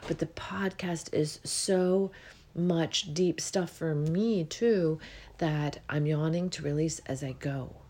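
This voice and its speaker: A woman hosting a spiritual podcast, talking alone in a relaxed, meandering way and yawning often as she goes. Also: sits low, slow pace. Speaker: podcast host.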